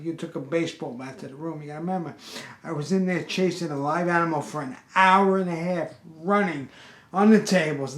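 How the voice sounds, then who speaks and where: A man telling a comic story in an animated, exasperated, streetwise way. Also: a little high. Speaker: pest control worker and storyteller. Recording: roomy echo.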